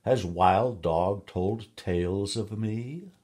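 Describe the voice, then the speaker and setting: A man's voice: low voice, expressive, a little mellow, slight background noise. A man voicing a proud, sly storybook cat. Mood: proud, pleading. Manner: pleading then haughty, raised and quickened.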